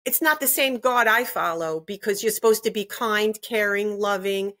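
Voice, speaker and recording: A woman's voice: medium pitch, moderate pace, a bit bright. Brief: older woman, grandmother, interview guest; firm, emphatic, indignant delivery, mid-range voice. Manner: emphatic, indignant, repeats herself.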